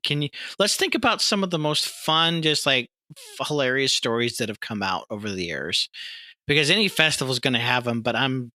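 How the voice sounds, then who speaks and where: Male podcast host, bright and sharp, dry close sound, excitable with stammers. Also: mid-range voice, normal speed, no echo. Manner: enthusiastic, stammers and restarts. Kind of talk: casual interview chat.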